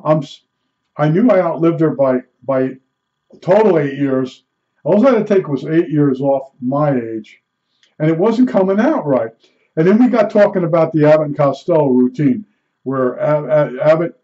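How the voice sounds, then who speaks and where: A man's voice: a little high, warm tone, highs cut off. A man in his seventies talking through his stories in a rambling, self-correcting way. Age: 70s. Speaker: retiree telling stories. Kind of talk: rambling personal monologue.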